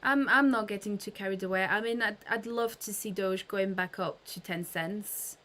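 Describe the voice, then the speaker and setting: A woman hosting a casual live stream chat, chatty and thinking aloud with quick restarts. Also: medium pitch, fairly bright tone.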